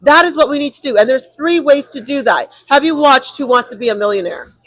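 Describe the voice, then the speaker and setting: A woman co-hosting a podcast, talking emphatically and acting out quick inner monologues. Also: sits high, lively intonation, dry recording, rough recording. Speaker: co-host. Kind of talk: animated podcast conversation.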